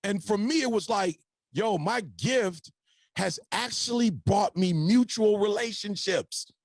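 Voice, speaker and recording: A man's voice: sits high, unhurried, creaky, no echo. A man and podcast guest telling his life story in a punchy, preacher-like motivational style, speaking to the audience as y'all.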